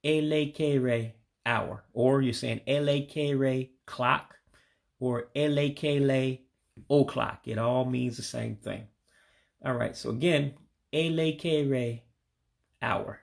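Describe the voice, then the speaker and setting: A man with a gravelly, creaky voice walks through a casual vocabulary lesson. He says each word slowly and patiently, then lets his voice sink as he gives the English meaning. His pitch sits right in the ordinary middle for a man. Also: fairly even intonation. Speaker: language learner teaching vocabulary. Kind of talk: casual spoken language lesson.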